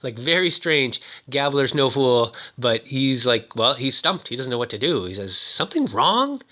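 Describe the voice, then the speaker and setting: A man's voice: medium pitch, moderate pace, sharp tone, dull audio. A man giving a rambling, jokey, casual recap of a film as its host.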